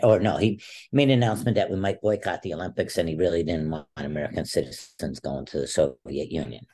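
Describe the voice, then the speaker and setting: A man in his sixties, an interview guest telling a long story in a casual way, acting out what others said. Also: husky. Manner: animated storyteller, acts out quotes with a raised pitch. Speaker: interview guest, former wrestler.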